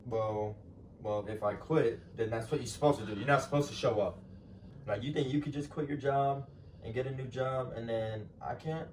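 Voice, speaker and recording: A young man talks in loose slang and keeps a teasing, unbothered tone. His voice is mid-pitched and comes from some distance away. The room echoes, and clear noise sits underneath. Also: moderate pace. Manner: teasing, slangy, laid-back. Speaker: prankster vlogger. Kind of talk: casual argument. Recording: roomy, distant and noisy.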